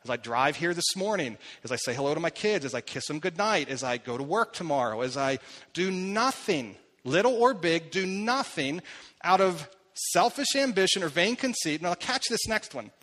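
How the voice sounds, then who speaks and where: A man's voice: a little high, big pitch swings, normal speed, fairly bright tone. A man in his thirties preaching a sermon, talking conversationally and putting questions to the congregation. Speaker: pastor. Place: church hall. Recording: long hall reverb.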